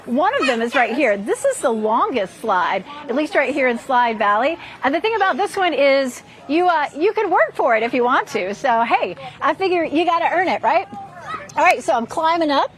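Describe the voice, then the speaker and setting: A high-voiced woman gives a live report from an outdoor park. She talks in an upbeat, chatty way and sounds a little out of breath. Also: sing-song, moderate pace. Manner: upbeat, chatty, laughing between lines.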